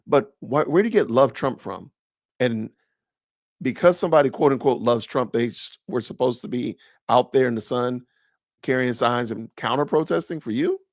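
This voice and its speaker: A podcast host with a medium-pitched voice reacts to a clip at normal speed, firing off incredulous, sarcastic rhetorical questions. The studio sound is clean, with no room echo.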